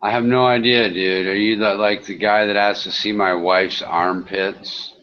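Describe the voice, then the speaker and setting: Brief: low-voiced man moderating a voice chat room, blunt and profane, muffled lo-fi audio. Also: steady tone, a little slow, fairly bright tone. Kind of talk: casual online voice chat.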